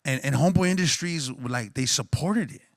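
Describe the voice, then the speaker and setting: A man's voice: a little high, moderate pace, no echo, clean studio sound. A man on a conference panel telling a personal story in an earnest, reflective, slangy way. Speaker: panelist and coffee shop co-owner.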